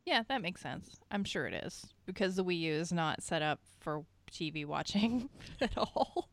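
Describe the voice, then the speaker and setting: Woman, casual podcast chat, chatty, laughs easily, lively up-and-down pitch. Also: normal speed. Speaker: podcast co-host.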